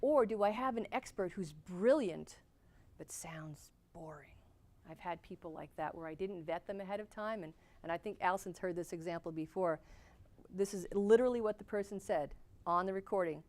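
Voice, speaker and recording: Animated woman lecturing a class. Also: mid-range voice, a little fast. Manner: animated, talks with her hands, moves around. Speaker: podcasting instructor.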